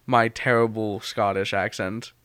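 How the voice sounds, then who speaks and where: A man in casual chat, a game master telling tabletop stories in a joking, animated way. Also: on the low side, a little slow, smooth, no echo.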